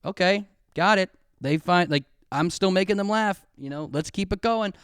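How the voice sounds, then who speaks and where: A man's voice: high-pitched, moderate pace, a bit bright, smooth, no room sound, studio quality. A young man hosting a solo podcast, rambling and swearing in a self-mocking comic rant while drinking at home. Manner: profane, rambling, self-mocking, acts out quoted voices. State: drinking alcohol. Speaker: podcast host. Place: alone at home, filming himself. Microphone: camera pointed at his face.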